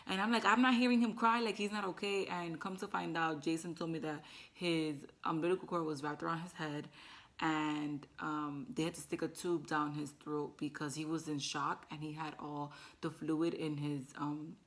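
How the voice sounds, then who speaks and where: A woman's voice: low voice, level tone, normal speed. A young woman vlogger telling a personal story to the camera in casual chat, emotional and teary, full of "like" fillers. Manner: emotional, talks with many "like" fillers.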